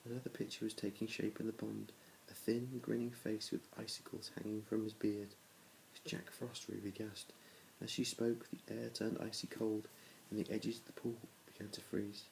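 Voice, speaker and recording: A man's voice: lowish voice, little pitch movement, normal speed, creaky, few pauses, darkish tone, slight background noise, poor audio. A man reading a children's storybook aloud to his children, in a plain reading voice with small restarts. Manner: plain reading with small restarts, little change between characters.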